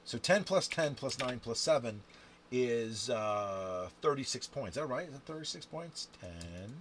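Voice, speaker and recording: A man playing a dice game on camera, counting scores aloud and chatting to the viewer with sudden loud outbursts. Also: medium pitch, a little slow. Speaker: game instructor. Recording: steady background noise with clicks and typing.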